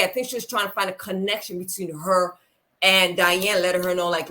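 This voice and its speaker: A woman co-hosting a casual reality TV recap, animated and acting out what people said. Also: fairly low pitch, a little fast. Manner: animated, acts out quotes. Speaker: podcast co-host.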